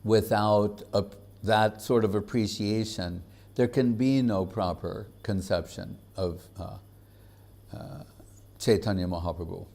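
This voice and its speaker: A man who is a spiritual teacher, giving a conversational devotional lecture in an informal, halting way, with frequent fillers and chuckles. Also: on the low side, steady tone, gravelly, darkish tone.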